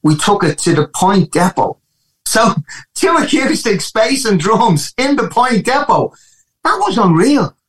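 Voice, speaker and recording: A man from Ireland with a Dublin accent, a guest musician telling animated stories in a casual interview, with frequent restarts. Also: sits high, a little slow, poor audio. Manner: animated storytelling with many restarts.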